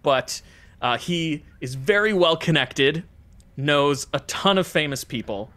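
A man's voice: fairly high pitch, animated, takes it slowly, sharp tone. An American man co-hosting a casual podcast, talking in a loose, rambling way with frequent fillers. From United States. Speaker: podcast co-host.

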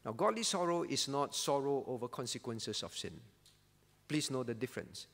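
A man preaching a sermon as pastor, earnest and pleading, often sinking to a soft voice. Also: mid-range voice, expressive, normal speed, in a large hall. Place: church.

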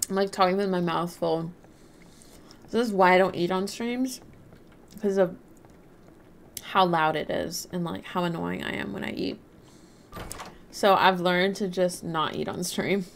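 A woman's voice: lowish voice, a little slow, long pauses. A woman live-streaming a game, chatting casually, rambling and reading out and answering her chat. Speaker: livestreamer.

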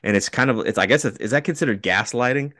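A man's voice: medium pitch, fast, bright, forceful tone, no echo, clean studio sound. A man co-hosting a podcast in casual chat, hesitant, with many restarts.

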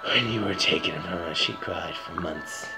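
Man doing a stern noble prince, deep voice, slow solemn delivery, game dub style. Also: creaky, over loud music, poor audio. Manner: low, measured, solemn storytelling. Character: stern noble older-brother prince, grave.

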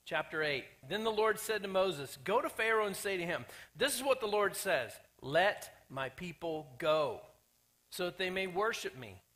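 Bright-voiced animated male preacher. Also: high-pitched, moderate pace, hardly any pauses. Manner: animated, acts out quoted characters, jokey asides. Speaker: pastor. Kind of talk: sermon. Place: church sanctuary.

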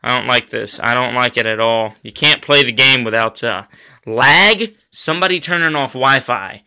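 Bright-voiced man rambling over gameplay. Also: medium pitch, moderate pace. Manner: rambling, lots of ums and uhs; irritated at lag, complaining. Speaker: gaming YouTuber. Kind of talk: gameplay commentary.

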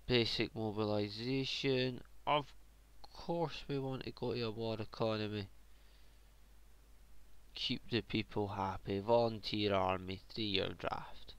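A man's voice: lowish voice, fairly even intonation, unhurried, pauses often, a bit bright, clear, resonant tone, no echo. A man casually commentating his own strategy game, muttering to himself, joking and swearing now and then. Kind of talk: casual let's play commentary.

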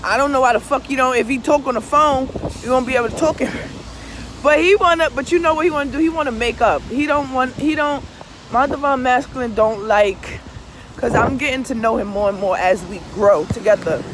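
A tarot reader and vlogger speaks in a high voice at a slightly fast clip, delivering a casual, confessional monologue packed with swearing and emphatic repetition. She keeps asking "you understand?" to win the listener's agreement, while a faint traffic hum drifts through the outdoor recording.

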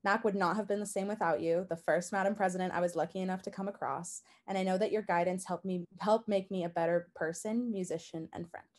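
A young woman in her twenties reads a tribute to a graduating friend at a quick clip. Her tone is affectionate, with a touch of teasing. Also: lowish voice, fairly even intonation. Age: 20s. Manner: warm and fond, mildly teasing, read out. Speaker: a cappella group member giving a senior tribute. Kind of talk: heartfelt tribute speech.

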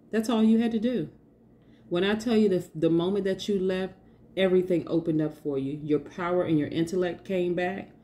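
Warm-voiced chatty woman reading tarot. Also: fairly low pitch, a little hiss or hum. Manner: chatty, emphatic, repeats herself, laughs often. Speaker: tarot reader.

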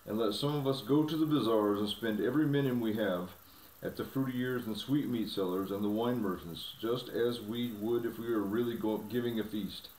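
A man voicing an excitable male fawn who talks in an eager, breathless rush, for a storybook reading. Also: fairly low pitch, moderate pace, a little hiss or hum, close to an everyday voice. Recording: roomy, from a distance.

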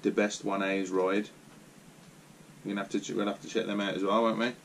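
A man chatting gently with his young daughter, encouraging her and prompting her with questions. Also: on the low side, little pitch movement, a little fast, vocal fry, a little hiss or hum. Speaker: father.

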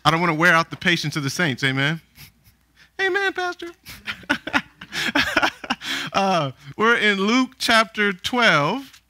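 A man's voice: high voice, very animated, slow pace, pauses often, bright, forceful tone, dry recording. A man preaching a sermon, often calling out questions for the congregation to answer. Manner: calls for responses from the congregation.

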